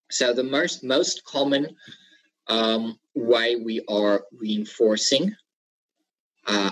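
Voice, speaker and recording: Husky guy explaining dog training in a webinar, steady and repetitive, a few ums. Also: medium pitch, rough recording. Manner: instructive, repeats key points, some fillers. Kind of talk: webinar lecture.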